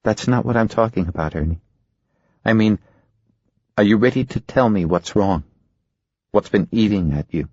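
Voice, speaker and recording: A man's voice: on the low side, normal speed, long pauses, a little mellow, breathy edge, dry recording, highs cut off. A man voicing a forthright middle-aged wife from Iowa, earnest and pleading, in an audiobook. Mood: earnest, worried.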